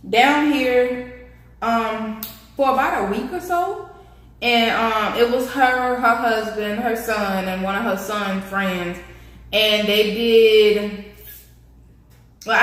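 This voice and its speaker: A young woman vlogger telling a casual story, animated and slangy, speaking straight to her viewers. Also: mid-range voice. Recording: echoey room.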